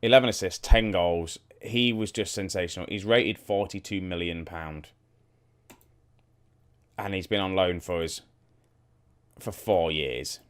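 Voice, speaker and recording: A young man with a very deep voice talks his viewers through a football management game. He rambles and thinks aloud in an easy, chatty way, asking them questions as he clicks through menus. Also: unhurried, long pauses, clean tone. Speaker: gaming YouTuber. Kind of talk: casual let's-play commentary.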